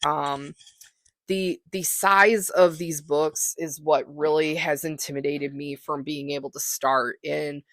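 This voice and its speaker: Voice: medium pitch, fairly even intonation, takes it slowly, fairly bright tone, no echo, clean studio sound. A podcast host talking through books in a casual solo monologue, rambling and hesitant with lots of fillers, enthusiastic and self-deprecating.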